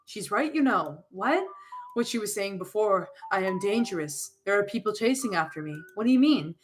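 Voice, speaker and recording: A woman voicing a gentle, lonely moth creature boy in a game, with stilted, flowery formal speech. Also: mid-range voice, lively intonation, moderate pace, faint music behind, close to an everyday voice. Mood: solemn.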